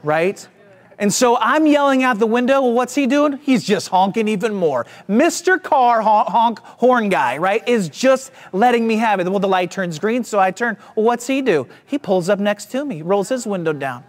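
A man's voice: sits high, animated, moderate pace. A pastor with a Southern US accent, preaching and telling a self-deprecating story to his church. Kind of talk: sermon.

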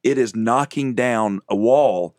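A man's voice: medium pitch, slow pace, a little mellow, no echo. Earnest man co-hosting Christian radio, dry sound. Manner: earnest, emphatic, repeats words when starting phrases. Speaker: radio co-host. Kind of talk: radio talk with a preaching tone.

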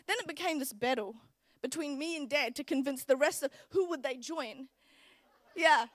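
High-voiced young woman preaching chattily. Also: normal speed, no room sound. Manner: animated, chatty storytelling with laughs. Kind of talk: storytelling sermon. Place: church.

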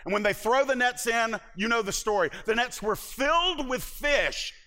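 Bright-voiced male pastor in a hall. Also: very high-pitched, lively intonation, normal speed. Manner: dramatic storytelling, acting out the voices in the Bible story. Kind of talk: sermon.

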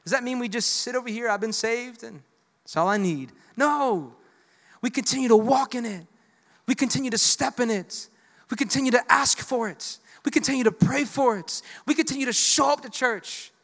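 A man's voice: extremely high pitch, normal speed, fairly bright tone. A man preaching a sermon to a church congregation, emphatic and calling for responses from the crowd. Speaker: pastor. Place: church sanctuary. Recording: long hall reverb.

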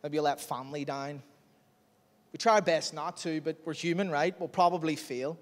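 A man preaches, slipping into loose asides and quick laughs at his own expense. His voice sits a little high, and the words carry a long reverb through a big church hall. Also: steady tone. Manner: chatty, self-deprecating, laughs often. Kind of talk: sermon.

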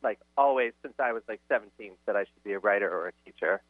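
Soft hesitant guy calling into a radio show, tinny phone audio. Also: lowish voice, fast, dry recording. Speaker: caller. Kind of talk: phone-in conversation.

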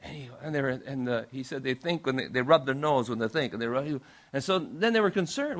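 A male pastor telling a story in a sermon, animated and acting out the people in it. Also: mid-range voice, brisk. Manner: animated storyteller, acts out quoted voices.

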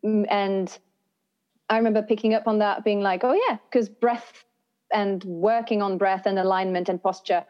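A woman's voice: medium pitch, flat delivery, normal speed. Woman guest, voice and breath coach; reflective and earnest; muffled, lo-fi recording. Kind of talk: conversational interview answers.

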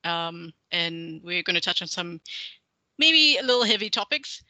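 A man hosting a podcast in casual chat, friendly and halting with many fillers and easy laughs. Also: high voice, animated, sharp tone, dry recording. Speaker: podcast host. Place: office in Hong Kong.

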